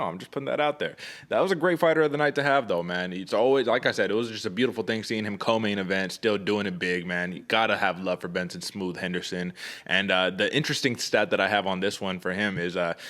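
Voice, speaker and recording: A man's voice: on the low side, fairly bright tone. A man co-hosting a combat sports podcast, talking in a laid-back, slangy way and calling his co-host "brother". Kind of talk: casual sports podcast chat.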